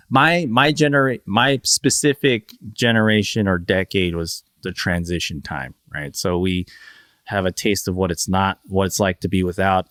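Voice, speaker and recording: A man's voice: low-pitched, a bit bright, no echo, clean studio sound. A man from Northern Virginia, a podcast guest in casual conversation, rambling, laughing often and acting out quoted voices.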